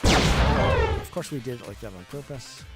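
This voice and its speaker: A man at mid pitch casually walks through his game as he plays, thinking aloud and correcting himself. Music plays clearly behind his voice the whole time. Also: huge pitch swings, unhurried. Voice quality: chatty, thinking aloud with restarts. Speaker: game developer streaming his game. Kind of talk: casual gameplay commentary.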